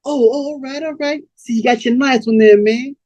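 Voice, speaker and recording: A man voicing a smooth, cold-hearted male pimp who talks in a slow, cool, menacing drawl. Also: very high voice, darkish tone, dry recording, pitched above the performer's own voice.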